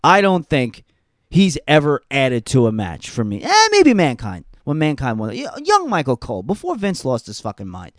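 A young man rants bluntly on his podcast, swearing freely and hammering points by repeating them. His pitch swings widely and with animation. The recording is dry and close, with no room sound. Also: huge pitch swings, moderate pace, no echo. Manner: blunt, profane, emphatic repetition. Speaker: podcast host. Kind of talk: casual ranting commentary.

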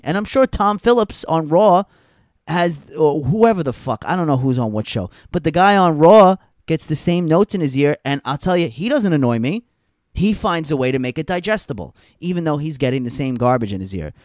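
A young man rants bluntly on his podcast, swearing freely and hammering points by repeating them. His pitch swings widely and with animation. The recording is dry and close, with no room sound. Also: animated, moderate pace, darkish tone, no room sound. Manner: blunt, profane, emphatic repetition. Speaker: podcast host. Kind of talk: casual ranting commentary.

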